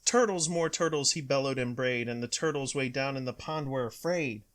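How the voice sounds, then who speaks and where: A man, a father, reading a rhyming picture book aloud with a steady rhythm. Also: mid-range voice, a little fast.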